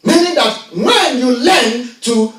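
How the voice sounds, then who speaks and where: A male pastor preaching a sermon in a church, swinging from hushed lines to shouting. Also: extremely high pitch, animated, takes it slowly. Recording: echoey church, miked from a distance.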